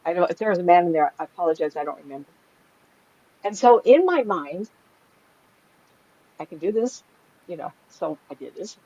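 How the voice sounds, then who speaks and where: A woman's voice: lowish voice, animated, normal speed, long pauses, warm tone, dry recording. A middle-aged woman, a psychic medium, telling stories in a casual chat and laughing often. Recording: slightly dull lo-fi sound.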